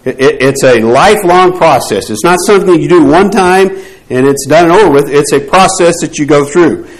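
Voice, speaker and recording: A man's voice: on the high side, moderate pace, low-quality recording. A man teaching a Bible class, posing rhetorical questions to the group and often restarting his phrases.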